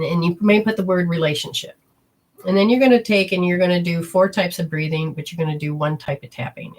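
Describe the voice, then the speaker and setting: A woman hosting a spiritual healing talk, explaining steps in a rambling, instructive way and speaking straight to her listeners. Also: fairly low pitch. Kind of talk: casual teaching talk.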